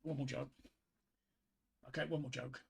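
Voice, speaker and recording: A man telling jokes on a casual livestream, halting and repeating his words often. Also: medium pitch, little pitch movement, vocal fry, slightly rough.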